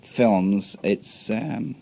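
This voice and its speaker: A man's voice: lowish voice, extremely slow, creaky, warm tone. A man in his twenties with an English accent, answering questions in a radio interview with many ums and restarts, on an old 1960s radio tape. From England. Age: 20s. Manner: hesitant, many fillers and restarts. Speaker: guest comedian and musician.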